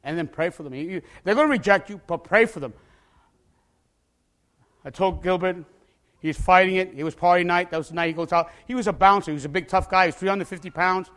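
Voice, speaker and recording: A male pastor preaching a testimony with passion, often bursting into shouts and repeating words as he starts a phrase. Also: sits high, a little fast.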